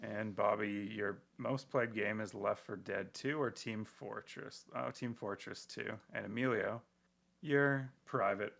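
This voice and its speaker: A man with a gravelly, fry-heavy voice hosts a casual gaming podcast. He teases his co-hosts and brags for laughs in a loose, chatty way. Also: lowish voice, measured pace, fairly bright tone. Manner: joking, boastful teasing. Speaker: podcast host. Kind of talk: casual chat.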